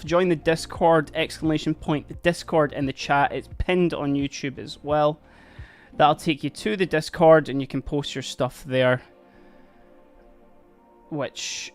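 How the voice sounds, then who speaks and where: A Scottish man hosting a casual livestream, chatty and upbeat, thanking viewers as he reads the chat. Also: on the high side. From Scotland. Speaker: livestream host.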